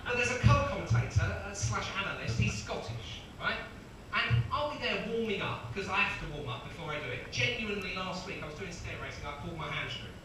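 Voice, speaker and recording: A man's voice: sits high, animated, fairly quick, hardly any pauses, music in the background. A man in his thirties doing a chatty, self-mocking stand-up routine for a live audience. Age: 30s. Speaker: stand-up comedian. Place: comedy venue with audience. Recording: echoey venue, distant mic, crowd noise.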